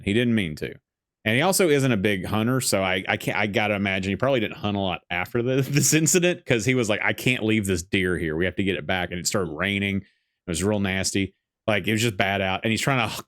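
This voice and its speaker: A man's voice: on the low side, lively intonation, quick pace, fairly bright tone, dry recording, clean studio sound. A man chatting casually as a podcast guest, joking and rambling while reacting to a movie, laughing often. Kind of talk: casual movie commentary chat.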